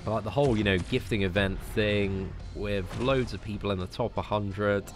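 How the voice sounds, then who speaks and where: Relaxed and conversational, a young British man answers questions from viewers on his game live stream, often closing lines with "man." His voice is lowish at a normal speed, with music playing in the background.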